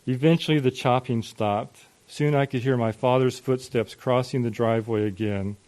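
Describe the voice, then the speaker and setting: A man preaches in a mid-pitched voice, recounting a painful story slowly and dramatically. He lingers over each phrase, letting the tension build. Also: darkish tone. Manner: slow, dramatic first-person narration. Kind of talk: sermon storytelling.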